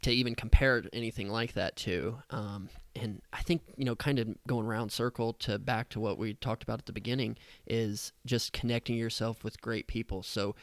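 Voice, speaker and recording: A man's voice: on the low side, fairly even intonation, moderate pace, hardly any pauses, no room sound. A man who is an associate pastor, a guest on a podcast, earnestly sharing a personal story in conversation. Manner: earnest, heartfelt, speaks openly about emotion.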